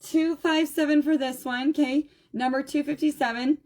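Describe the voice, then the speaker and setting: A woman with a fairly high voice hosts a live-stream jewelry sale, chatting warmly with viewers while sounding tired and low on energy. She greets people by name and repeats item numbers over and over, keeping a steady, slightly mellow tone at a moderate pace.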